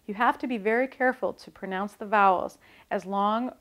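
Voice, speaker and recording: A woman, an author, giving a calm, scripted talk on learning languages and demonstrating pronunciation. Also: medium pitch, brisk.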